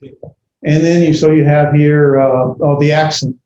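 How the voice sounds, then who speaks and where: Halting man teaching a class. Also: on the high side, fairly even intonation, mellow, slight background noise. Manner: halting, many fillers and self-corrections. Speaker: Bible language teacher. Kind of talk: classroom lecture. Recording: echoey classroom, dull lo-fi audio.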